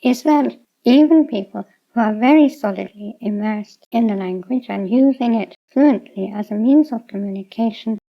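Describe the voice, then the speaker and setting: A woman explaining Japanese pitch accent to learners in a measured, reasoned way. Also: creaky. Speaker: language teacher. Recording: dull lo-fi sound.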